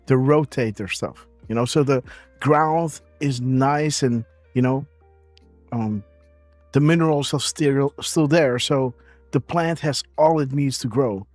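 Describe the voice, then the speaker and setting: A man's voice: medium pitch, takes it slowly, a little mellow, no room sound, soft background music. A man hosting a live stream, chatting casually in a rambling way, with many fillers and frequent laughs. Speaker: show host.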